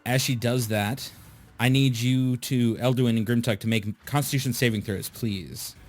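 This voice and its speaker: A man narrating a tabletop game as game master, describing the scene slowly and addressing the players. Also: mid-range voice, fairly even intonation. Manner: slow, descriptive narration with asides.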